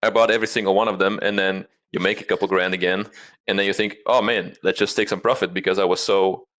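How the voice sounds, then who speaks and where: A deep-voiced man tells his trading story in a candid interview. He is self-deprecating and rambles, often restarting his sentences. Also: fairly even intonation, fast, fairly bright tone. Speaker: interview guest, trader.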